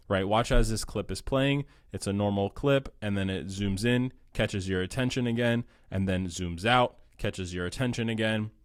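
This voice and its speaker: Fairly low in pitch, the young instructor's voice comes through a close mic with no echo. He casually guides viewers through a screen-recorded editing tutorial, keeping things practical and using lots of fillers.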